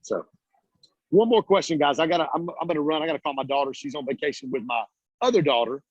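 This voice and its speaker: A man giving an energetic, preachy motivational talk on a video call, casual and blunt as he tells stories. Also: a little high, fast talker, dry recording. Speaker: guest speaker, business coach. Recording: dull lo-fi call audio.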